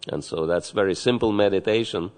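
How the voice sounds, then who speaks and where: A man leading a meditation class, speaking calmly and in a measured way. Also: on the low side. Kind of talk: spiritual teaching.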